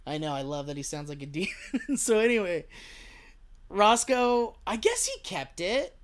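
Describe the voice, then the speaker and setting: Very animated and smooth, his high-sitting voice moves at normal speed as he casually live-streams a video game. He rambles, jokes and swears freely while talking to his chat.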